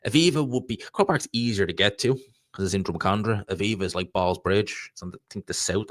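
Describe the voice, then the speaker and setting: A man's voice: sits low, a bit bright, dry recording, studio quality. An Irish man hosting a live stream, chatting casually and rambling through answers to viewer questions. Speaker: livestream host reading viewer chat.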